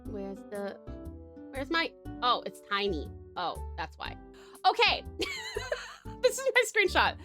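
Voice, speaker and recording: A young woman, chatting casually to her viewers on a live stream, giggling, excitable and swearing freely. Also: medium pitch, takes it slowly, pauses often, soft background music. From Australia.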